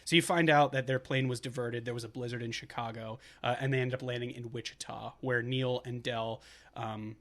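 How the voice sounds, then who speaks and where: A man's voice: mid-range voice, fairly even intonation, a little fast, fairly bright tone. A man co-hosting a movie podcast, recapping a film in a casual, rambling way, correcting himself and laughing often. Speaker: podcast co-host.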